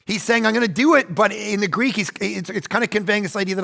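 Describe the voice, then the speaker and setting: Gravelly, bright-voiced male pastor preaching. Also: sits high, quick pace, few pauses. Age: 40s. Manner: animated, acts out quoted voices, swings between loud and hushed. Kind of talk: sermon.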